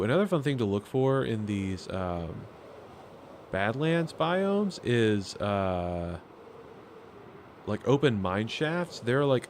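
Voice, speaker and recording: A lowish-voiced man narrates his gameplay live, with a little hiss or hum in the audio and faint game music playing. His commentary rambles as he reasons out loud, packed with fillers and casual, self-deprecating asides for viewers.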